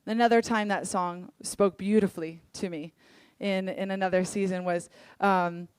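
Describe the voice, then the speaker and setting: Young woman, church worship leader, sermon told through candid personal stories; clear, smooth voice; dry recording. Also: mid-range voice, moderate pace, no room sound. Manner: earnest, candid storytelling with lively acted-out quotes.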